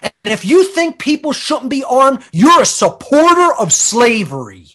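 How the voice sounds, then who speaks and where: A man speaking as a guest on a talk radio show, ranting forcefully and emphatically. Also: extremely high pitch, very animated, measured pace, slight background noise.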